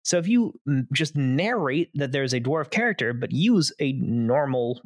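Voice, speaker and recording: A man's voice: mid-range voice, lively intonation, measured pace, dry recording, studio quality. A young man hosting a casual tabletop-gaming podcast, rambling with lots of fillers. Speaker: podcast host, game master. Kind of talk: casual chat.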